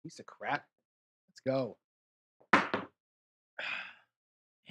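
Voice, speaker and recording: Husky man grumbling over dice rolls. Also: medium pitch, animated, slow, long pauses, sharp tone. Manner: frustrated, swearing, muttering to viewers between rolls. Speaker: craps streamer. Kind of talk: casual live commentary while rolling dice.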